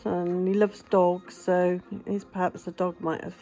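A woman's voice: on the low side, flat delivery, measured pace, warm tone, faint music behind. A woman, vlogging while talking baby talk to her pets. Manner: cooing baby talk to animals. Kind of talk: casual chat with pets.

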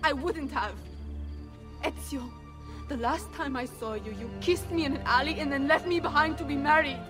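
A woman's voice: sits high, moderate pace, natural voice. An actress playing a passionate young noblewoman in a video game, speaking in an emotional, reproachful way. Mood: hurt. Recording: game audio with music behind.

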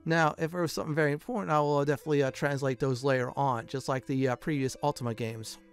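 Casual let's-play host, man, smooth higher voice, faint game music behind. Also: steady tone, quick pace. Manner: casual, rambling, many fillers. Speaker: gaming channel host.

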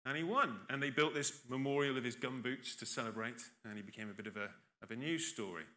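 Keynote speaker, male, bright forceful voice, conversational with dry ironic asides. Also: medium pitch, fast. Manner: chatty and self-deprecating, with dry irony. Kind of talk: conference keynote talk. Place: conference hall stage.

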